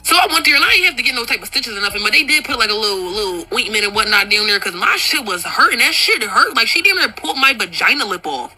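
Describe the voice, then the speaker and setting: A young woman telling a personal storytime to her viewers, animated and profane, laughing often. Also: fairly high pitch, quick pace, few pauses, a little hiss or hum, rough recording. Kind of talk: casual storytime monologue.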